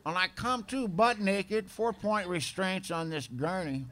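A man's voice: sits high, expressive, unhurried, a bit bright. A man telling his own story as a speaker at a recovery meeting, candid and plain-spoken. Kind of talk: personal testimony storytelling.

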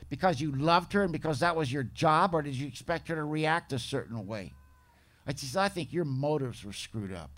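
Blunt, gruff-talking man. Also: fairly high pitch. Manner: blunt, rough slang, gruff humor. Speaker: recovery meeting speaker. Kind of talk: storytelling talk.

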